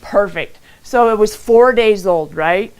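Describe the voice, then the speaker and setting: A middle-aged woman giving a motivational talk from her own home and telling stories with lively acted quotes. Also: medium pitch, slow pace, low-quality recording. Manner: animated storytelling with acted quotes. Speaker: motivational speaker hosting a live event. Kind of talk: live-streamed motivational talk.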